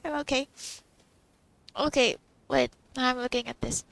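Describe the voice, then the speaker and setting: A woman's voice: sits high, fairly even intonation, unhurried, vocal fry, a bit bright, no echo, rough recording. A young woman, reacting to a game in a giddy, emotional way, stammering and laughing. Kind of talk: casual live reaction.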